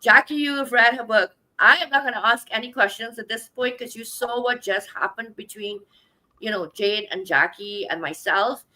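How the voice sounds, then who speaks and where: A woman's voice: fairly high pitch, normal speed, sharp tone, rough recording. A woman hosting a live online book show, talking in an upbeat, earnest, emphatic way over a video call.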